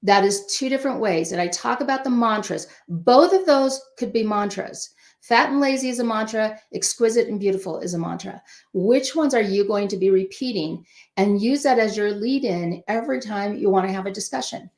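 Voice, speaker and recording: Brief: older woman guest, lively storyteller who acts out quotes, mid-pitched, recorded in an echoey room. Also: moderate pace. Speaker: parenting guest. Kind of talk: casual advice chat. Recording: roomy echo.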